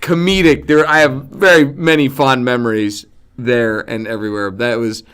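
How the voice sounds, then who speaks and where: Bright-voiced ex-player telling stories. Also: male voice, medium pitch, moderate pace, smooth. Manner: animated storyteller, laughs through stories. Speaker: co-host and former player. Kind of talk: casual sports chat.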